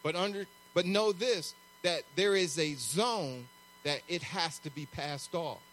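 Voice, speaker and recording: A man preaching a sermon as pastor, conversational and animated, acting out little asides. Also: on the high side, a little slow.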